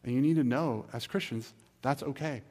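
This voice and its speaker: A man's voice: medium pitch, moderate pace, a little mellow. A man pastor, preaching a sermon in an earnest, pleading, conversational way with acted asides. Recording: reverberant hall.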